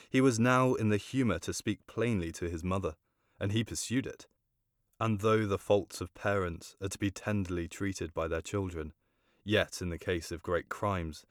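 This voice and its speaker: Low-pitched male narrator, measured formal storybook reading, dry close mic. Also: no echo.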